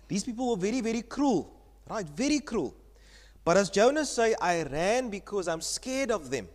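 A male pastor preaching a sermon, reading scripture and asking the congregation questions as he teaches. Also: high voice. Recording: church hall reverb.

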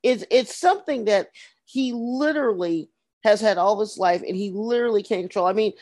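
A woman's voice: medium pitch, a little mellow. Emphatic woman podcast co-host. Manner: earnest, emphatic, repeats words. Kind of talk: casual chat.

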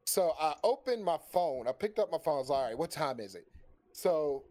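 Man with a higher voice spinning a profane yarn. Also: a little fast. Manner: animated, profane, acts out quoted dialogue. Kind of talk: casual storytelling on a stream.

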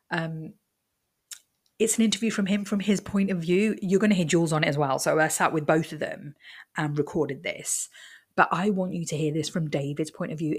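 A woman hosting her podcast alone. Her voice sits low. She rambles in a friendly, chatty way, rushing ahead and circling back with fillers and restarts. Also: breathy edge. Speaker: podcast host. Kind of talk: casual solo podcast talk.

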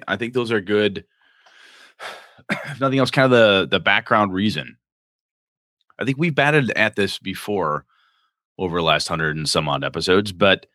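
Podcast co-host, male, very low and bright voice, dry close sound, rambling casual talk. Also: no room sound. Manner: rambling, thinks aloud with restarts. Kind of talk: casual chat about role-playing games.

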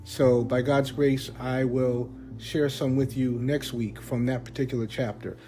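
Man, podcast host, earnest and measured, mid pitch, soft guitar underneath. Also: little pitch movement. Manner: measured, earnest, with fillers and asides. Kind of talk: scripted-sounding podcast talk.

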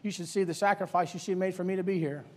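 A man voicing a gentle, earnest boy who answers his mockers softly and sincerely. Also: sits high, fairly even intonation, fast talker, close to an everyday voice. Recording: long church hall reverb.

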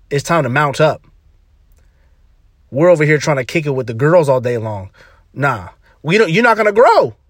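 Male podcast host, punchy slang-heavy motivational delivery, slightly high pitch. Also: a bit bright, no room sound, clean studio sound. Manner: emphatic, slangy, repeats phrases for punch.

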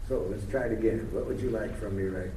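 A man leading a live workshop in a playful, deliberate, coaxing way, recorded in an echoey room from a distance. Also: fairly low pitch, mellow. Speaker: workshop leader. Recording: echoey room from far off, faint noise.

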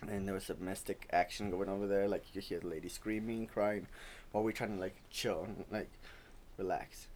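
A young man co-hosting a podcast who tells a scary story in casual slang and swears freely, getting louder and more excited as it goes on. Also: deep voice, a little fast, a little hiss or hum. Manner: slangy, profane, grows loud and excited while telling a scary story. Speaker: podcast co-host.

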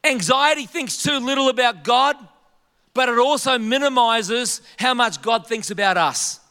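A man's voice: very high voice, measured pace, pushed and bright, clear, resonant tone, in a large hall. A man preaching a sermon as a pastor and church leader, in a conversational, humorous way with frequent fillers.

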